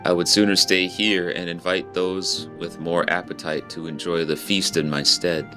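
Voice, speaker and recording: A man reading the lines of a solemn young noble scholar from a game, in a formal, measured way. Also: sits low, flat delivery, over music, natural voice. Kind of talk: reading game dialogue aloud.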